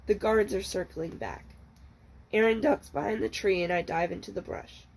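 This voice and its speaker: A woman librarian reading the first chapter of a novel aloud, in a steady, measured storytelling manner. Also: medium pitch, vocal fry, slightly rough, poor audio.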